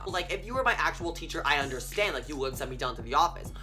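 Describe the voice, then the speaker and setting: A young man in his teens ranting to camera in a casual vlog, sassy and profane, swinging between loud outbursts and low mutters. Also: animated, fast, music in the background. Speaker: vlogger.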